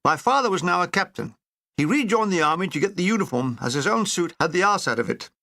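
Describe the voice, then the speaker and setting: A man's voice: sits high, expressive, fast, creaky, bright, forceful tone, dry recording. A man reading a wartime memoir aloud in a dry, wry comic manner. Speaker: narrator.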